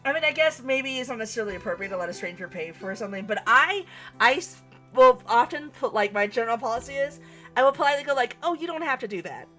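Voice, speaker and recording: A young woman streaming a visual novel, reading the text aloud and reacting with giggles and animated commentary. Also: a little high, fast talker, faint music behind.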